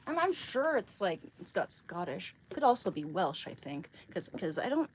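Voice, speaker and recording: Chatty low-voiced woman livestreaming. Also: big pitch swings, normal speed, a little hiss or hum, rough recording. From Oregon, USA. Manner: rambling, chatty, greets viewers by name. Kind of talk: casual livestream chat.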